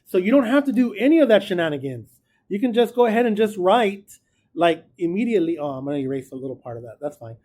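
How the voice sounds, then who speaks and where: A man's voice: sits high, very animated, quick pace, a little mellow. A man teaching a math class, casual and encouraging, talking through each step aloud. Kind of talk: classroom lecture.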